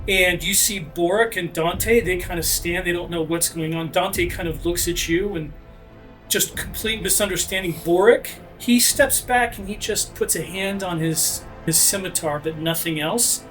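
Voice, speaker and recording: A game master, high-voiced for a man, describes a sword fight at the table at normal speed. He keeps the action charging forward with shouted sound effects, and faint music sits beneath his energetic narration.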